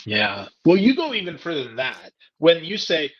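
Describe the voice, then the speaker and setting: A man's voice: on the high side, big pitch swings, normal speed, hardly any pauses, pushed and bright. A male podcast host speaking in a casual, upbeat and self-deprecating way during an interview. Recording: dull lo-fi sound.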